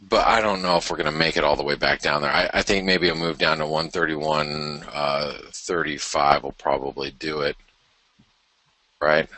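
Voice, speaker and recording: A man's voice: rumbling low, steady tone, moderate pace, pushed and bright, dry recording. A man hosting a live market show, casually talking through charts as he thinks aloud, with self-deprecating asides. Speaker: forex market commentator, show host.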